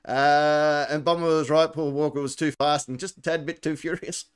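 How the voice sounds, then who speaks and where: A man's voice: fairly high pitch, steady tone, normal speed, smooth. A man hosting a casual live comedy show, laughing often and handing out points. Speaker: host.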